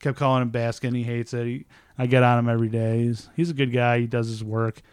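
A man's voice: medium pitch, quick pace, smooth, dry recording. A young man telling a rowdy story in a casual chat, swearing freely and acting out what everyone said. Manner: profane, animated, acts out quotes.

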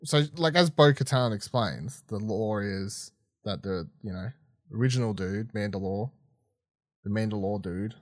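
On a dry, studio-quality recording, a podcast co-host with a lowish voice talks a little slowly as he reviews an episode in casual chat. He sounds exasperated, swearing and laughing often.

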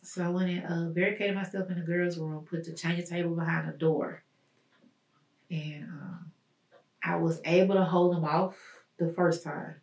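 Guest woman, slightly rough voice, halting testimony, recorded from a distance with room echo. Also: fairly low pitch, steady tone, darkish tone. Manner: halting, searching, with many pauses and fillers. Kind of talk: personal testimony in an interview. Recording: roomy echo, mic at a distance.

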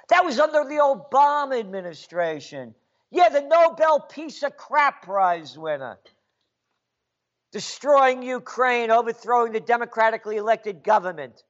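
A man's voice: sits high, a bit bright, lo-fi sound. A man delivering an angry, sarcastic political rant as a commentator. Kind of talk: ranting monologue.

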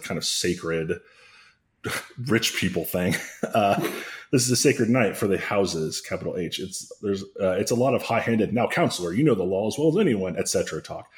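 A man's voice: sits low, moderate pace. A man co-hosting a podcast, narrating a parody story in a casual comedic way, with asides and chuckles.

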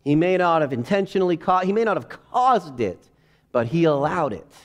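A man preaching a sermon, moving between quiet reflective passages and loud, rising exclamations. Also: on the high side, expressive, moderate pace. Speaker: pastor.

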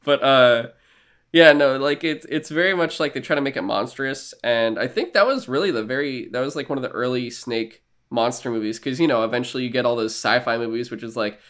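A man's voice: medium pitch, fairly quick, fairly bright tone. A man co-hosting a podcast in casual chat, rambling and joking with casual swearing. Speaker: podcast co-host.

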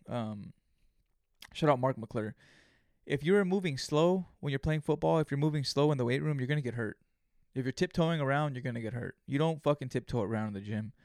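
A young man hosts a solo podcast, his mid-range voice moving a little fast, recorded in studio quality with no echo. He tells stories in an animated, profane way, swearing heavily and acting out his own inner voice.

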